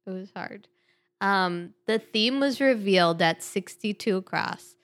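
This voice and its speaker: A woman hosting a casual podcast chat, easygoing and quick to laugh. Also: mid-range voice. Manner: giggly, easygoing, laughs often. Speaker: podcast host. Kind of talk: casual chat about crossword puzzles.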